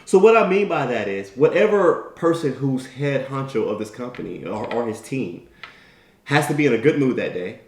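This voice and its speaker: A man's voice: medium pitch, moderate pace. Guy doing a motivational talk, keeps saying right? and you know, echoey room. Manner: animated storyteller acting out quoted characters. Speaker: motivational speaker. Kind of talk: motivational storytelling monologue.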